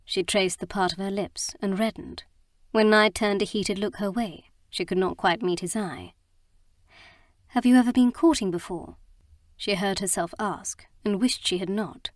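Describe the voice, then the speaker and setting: A woman's voice: mid-range voice, fairly even intonation, normal speed, no echo, clean studio sound. Woman narrating a romance audiobook. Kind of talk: scripted narration.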